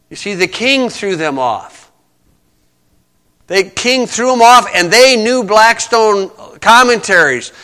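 A man preaching a Bible-teaching sermon, emphatic, repeating key phrases and often saying "okay", with frequent throat clearing. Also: high-pitched, sharp tone.

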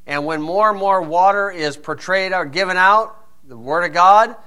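A man's voice: high voice, moderate pace, sharp tone, clean tone. A man teaching through Bible verses in a conversational way, asking rhetorical questions and telling personal stories.

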